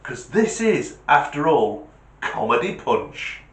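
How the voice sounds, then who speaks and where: Guy telling jokes, lively and bouncy, bit high, echoey. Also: takes it slowly. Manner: animated, punchy storytelling. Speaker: comedy channel host. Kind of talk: joke telling. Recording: echoey room.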